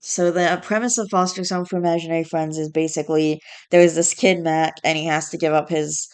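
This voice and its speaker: A woman's voice: deep voice, steady tone, brisk, smooth. A woman vlogging in a casual chat, stressed and tired, fighting back yawns and restarting her sentences as she rambles.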